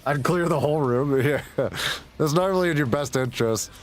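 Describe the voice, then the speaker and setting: A man's voice: a little high, brisk, faint music behind. A young man telling blunt, profane stories with frequent laughter while gaming. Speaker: gaming streamer. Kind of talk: casual storytelling while gaming.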